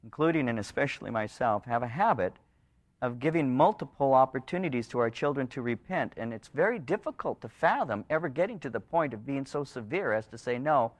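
A middle-aged male pastor preaching a sermon in a church, rising into pleading passages and dropping into low, hushed ones. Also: animated, brisk.

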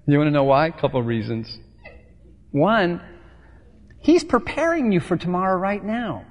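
A man preaching from the pulpit with a notably high voice. His sermon is chatty and playful, slipping into little acted exchanges. The sound rings out with a long hall reverb. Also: animated, moderate pace, long pauses. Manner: conversational, playful, acts out dialogue. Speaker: pastor.

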